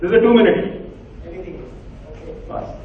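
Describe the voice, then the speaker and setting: A man's voice: measured pace, a little hiss or hum. A man with an Indian English accent giving an interactive workshop talk, directing volunteers with short commands. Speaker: workshop speaker. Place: large hall with an audience. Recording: echoey hall, far from mic, tinny.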